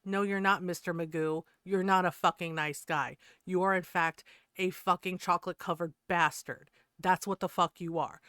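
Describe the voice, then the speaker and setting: A woman's voice: fairly low pitch, steady tone, normal speed, fairly bright tone, clear, resonant tone, no echo, clean studio sound. A woman streamer ranting to her chat in a heated, profane way, laughing between points. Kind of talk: casual rant to stream chat.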